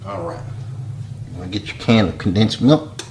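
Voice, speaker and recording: Low-voiced man teaching home cooking. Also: normal speed, slight background noise. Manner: folksy, relaxed step-by-step instructions, often quiet. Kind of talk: casual cooking demonstration.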